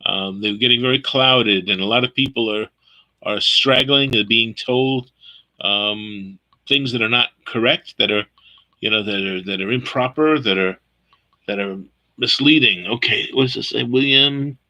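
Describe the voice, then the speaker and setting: A man with a very bright, sharp voice hosts a Bible study and invites questions from the group. He talks hesitantly, repeating words and pausing with fillers. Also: medium pitch, rough recording. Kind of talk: leading an online Bible study.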